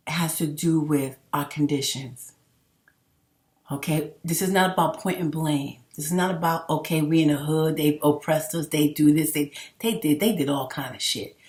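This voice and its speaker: A woman's voice: low-pitched, darkish tone. A middle-aged woman vlogging in a casual, rambling monologue, emphatic and full of swearing. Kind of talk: casual unscripted monologue to camera. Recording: roomy echo.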